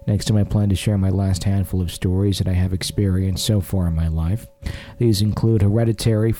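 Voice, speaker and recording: A man with a fairly low voice hosts a podcast. He reads listener stories aloud and trades jokes and teasing with his co-host. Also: mellow. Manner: jokey, teasing. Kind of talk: reading listener stories and casual banter.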